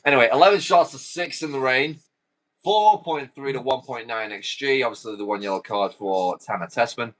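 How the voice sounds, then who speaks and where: A man's voice: medium pitch, moderate pace, fairly bright tone, rough recording. A man hosting a watchalong, calling a football video game live with chatty, rambling asides. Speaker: host.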